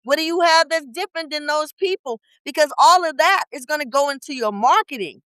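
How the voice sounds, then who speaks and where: A woman with a bright, high, forceful voice coaching in a podcast interview. She speaks bluntly and colloquially and fires off quick rhetorical questions. The sound is dry and close. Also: no echo, low-quality recording. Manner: emphatic, rapid-fire rhetorical questions. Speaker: business coach guest. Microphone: podcast studio mic.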